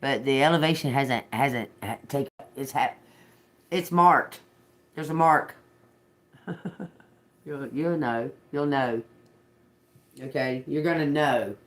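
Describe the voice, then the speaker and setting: On a livestream, a tarot reader and host gives a loose, casual reading, talking directly and conversationally to his audience in a mid-range voice. He laughs often between thoughts and gets blunt and profane when answering commenters.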